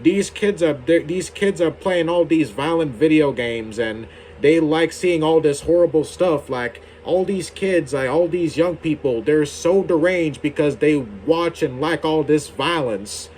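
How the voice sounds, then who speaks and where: A man's voice: on the high side, measured pace, few pauses, darkish tone, slight background noise, lightly acted, poor audio. A man doing a mocking impression of a fussy older man with a Western accent, complaining about violent games. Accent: Western, put on.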